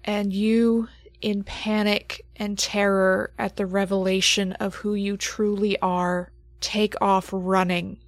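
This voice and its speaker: A woman game master narrating a horror tabletop game slowly and dramatically, often dropping to near whispers for suspense. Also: mid-range voice, little pitch movement, no echo, clean studio sound.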